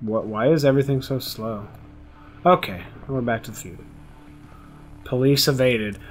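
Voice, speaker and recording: A man's voice: mid-range voice, moderate pace, faint music behind. A young man giving casual, joking commentary while playing a video game with a friend. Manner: joking, goofy, trails off into laughter. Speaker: co-host.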